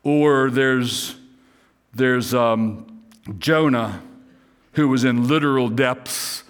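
A man's voice: mid-range voice, drawn-out words, clear, resonant tone. A man preaching a sermon in an earnest way, rising to fervent pleas when voicing prayers and often repeating words as he goes. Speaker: pastor.

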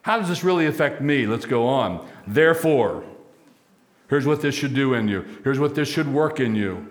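A man preaching a sermon as pastor, emphatic, stacking repeated phrases and slowing for key lines. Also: medium pitch, animated.

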